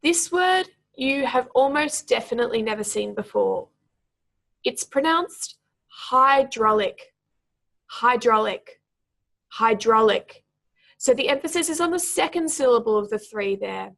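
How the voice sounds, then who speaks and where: A woman speaking tutor explains an exam task in a clear teaching tone. Her voice sits a little high and has a gravelly, fry-tinged edge. She slows right down when she models words, pulling each one apart into its syllables. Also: expressive. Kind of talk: exam pronunciation lesson.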